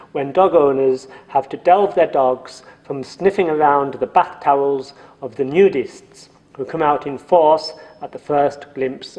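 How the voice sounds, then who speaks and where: A man's voice: fairly high pitch, darkish tone, long reverb tail. A man narrating a story from a script in a dry, wry manner.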